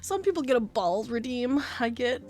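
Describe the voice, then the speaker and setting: A woman streamer chatting casually on a livestream, excitable and gushing. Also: a little high, moderate pace, over loud music. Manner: excitable, gushing, breaks into squeals and laughs. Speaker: VTuber streamer.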